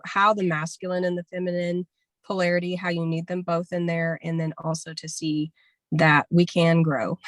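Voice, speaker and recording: A woman with a fairly low voice tells a frank personal story over a video call. The sound is dry and close, without room echo, and her telling is chatty and open. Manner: candid, storytelling, laughs often. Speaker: workshop participant.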